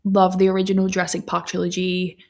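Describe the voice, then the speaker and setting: A young Australian woman hosts a livestream from home, chatting casually with viewers in a rambling way full of fillers. Her voice is lowish and darkish with vocal fry, delivered fast and completely flat.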